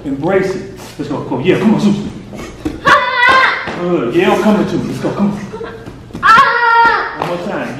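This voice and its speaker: A man's voice: sits high, very animated, normal speed, long pauses. A man coaching a boy in a hands-on faith session, urgent and encouraging, pushing him on with short commands. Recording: echoey room, distant mic, noisy.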